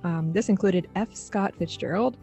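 A woman's voice: on the low side, moderate pace, gravelly, dark tone, soft background music. A young adult woman co-hosting a podcast in casual chat, laughing often. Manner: chatty, laughs often, reads quotes aloud dramatically. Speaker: podcast co-host.

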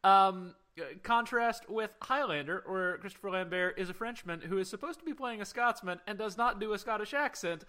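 A man's voice: high-pitched, normal speed, hardly any pauses, pushed and bright. A man co-hosting a casual movie podcast, jokey and riffing on movie trivia. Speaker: podcast co-host. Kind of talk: casual movie-review chat.

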